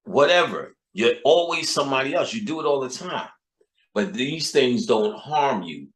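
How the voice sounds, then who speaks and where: A man's voice: medium pitch, lively intonation, normal speed, a bit bright, reverberant, poor audio. A man with a New York accent, talking in a profane, rambling, casual monologue full of street slang. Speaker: channel host.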